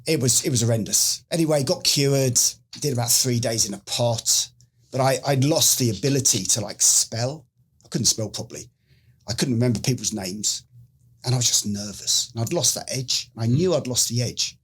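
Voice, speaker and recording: Speaking at a normal speed in a mid-range voice with a breathy edge, this middle-aged man from the United Kingdom once served as a special forces medic. He recounts a story in a relaxed interview, animatedly performing the quoted lines of the people involved.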